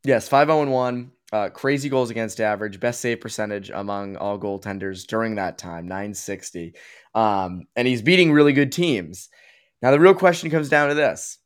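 A man's voice: lowish voice, moderate pace, smooth. A man from the Boston area hosting a casual sports talk podcast, rambling with lots of fillers and restarts. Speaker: podcast host.

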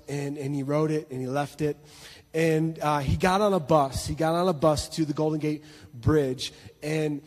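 Male pastor, higher than most men, husky tone, emphatic, repeats himself, reverberant church hall. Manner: emphatic, repeats words, swings between loud and hushed. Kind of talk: sermon storytelling.

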